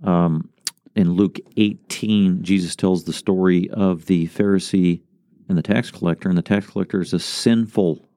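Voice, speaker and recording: A man's voice: low-pitched, steady tone, moderate pace, warm tone, no room sound, clean studio sound. A man who is a pastor, co-hosting a teaching podcast in a conversational way, asking questions and affirming.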